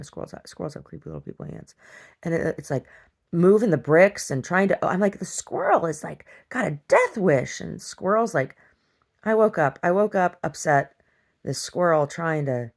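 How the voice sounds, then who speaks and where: A woman vlogger casually retelling a dream in a rambling, animated way, full of restarts. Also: lowish voice. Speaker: video diary vlogger. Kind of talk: casual storytelling to camera.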